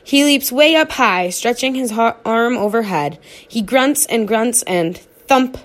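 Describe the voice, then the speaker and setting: Animated woman reading a children's story. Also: a little high, a little slow. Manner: expressive, animated read-aloud. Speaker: narrator.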